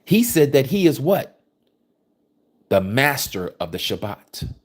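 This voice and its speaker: A man's voice: mid-range voice, very animated, slow pace. A man preaching a scripture study, reading verses aloud and commenting on them with emphasis. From United States.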